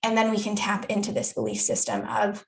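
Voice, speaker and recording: A woman's voice: mid-range voice, sing-song, brisk, poor audio. A woman coach giving a live online talk in a casual, candid way, swearing freely and asking rhetorical questions. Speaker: dating and self-development coach.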